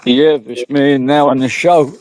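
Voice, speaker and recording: A man's voice: medium pitch, fairly even intonation, measured pace, a little mellow, no room sound. A man chatting casually in a blunt, joking way. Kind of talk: casual chat.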